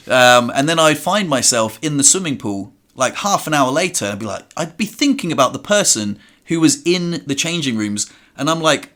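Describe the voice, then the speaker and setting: A man's voice: medium pitch, animated, fairly quick, few pauses, a bit bright. A young man hosting a podcast in casual chat, telling reflective stories and acting out his own inner dialogue. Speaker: podcast host.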